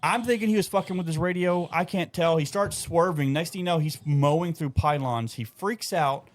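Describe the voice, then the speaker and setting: A man's voice: on the high side, normal speed. A young adult man, telling stories in a loose, profane way on a casual podcast. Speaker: podcast co-host. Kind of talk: casual chat.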